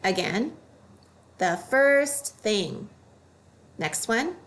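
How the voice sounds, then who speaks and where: A woman teaching a phonics lesson for children, modeling each word slowly and clearly. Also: mid-range voice, animated.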